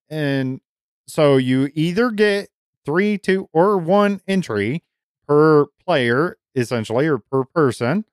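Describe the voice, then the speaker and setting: Middle-aged male podcast host, clear and lively, enthusiastic, dry close mic. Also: fairly high pitch, no echo. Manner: enthusiastic, repeats words when starting sentences. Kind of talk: casual podcast chat.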